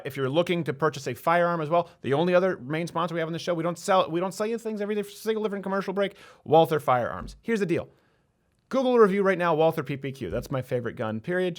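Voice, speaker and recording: Fast-talking male talk show host. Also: fairly high pitch. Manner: fast, animated delivery with sudden loud bursts. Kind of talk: casual talk-show chat.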